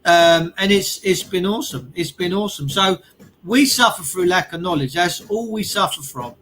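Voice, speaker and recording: Earnest high-voiced man, emphatic. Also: moderate pace, a bit bright, a little hiss or hum, low-quality recording. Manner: earnest, emphatic, repeats key phrases. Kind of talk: casual chat.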